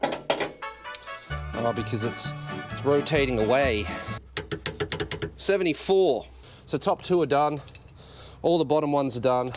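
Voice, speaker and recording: Music plays in the background as a car vlogger takes it slowly, with long pauses, in a medium-pitched voice. He films himself under a car in his garage via an external mic on an action camera, grumbling, cursing the job, and joking at his own expense.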